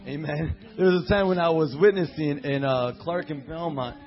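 A man preaching a sermon as pastor, reading scripture slowly and telling personal stories full of fillers and quoted voices. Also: fairly high pitch, highs cut off, faint music behind. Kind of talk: sermon with storytelling.

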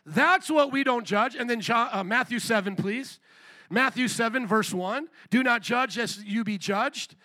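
A man preaching a sermon as pastor, animated and joking, firing rhetorical questions at the congregation. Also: extremely high pitch, unhurried, no room sound.

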